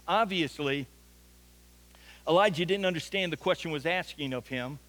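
A man's voice: high-pitched, fairly bright tone. A man preaching a sermon as pastor, telling a scripture story in an earnest way and often repeating words for emphasis. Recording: long reverb of a large hall.

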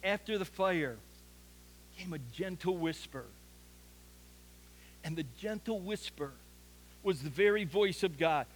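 A man's voice: sits high, animated, slow pace, pauses often, slight background noise, poor audio. A man preaching an earnest sermon as a pastor, building to emphatic peaks.

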